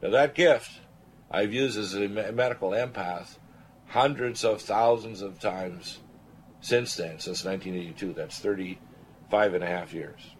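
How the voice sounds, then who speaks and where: A man in his sixties, a physician and radio host, telling a personal story in an animated, rambling way, often clearing his throat. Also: lowish voice, unhurried, a little hiss or hum, poor audio. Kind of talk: storytelling on a talk radio show.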